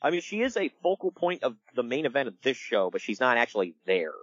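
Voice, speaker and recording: A man hosting a casual podcast, telling stories in an animated way and laughing along. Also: medium pitch, slightly rough, no echo, lo-fi sound. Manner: animated storytelling with laughs and quick impressions. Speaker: podcast host. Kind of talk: casual wrestling podcast chat.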